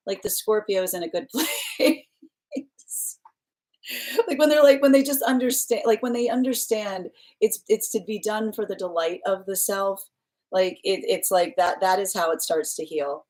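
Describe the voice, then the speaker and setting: A woman's voice: mid-range voice, moderate pace, a little mellow. A woman tarot reader chatting casually with viewers on a live stream, giggling often and filling her talk with "like" and restarts.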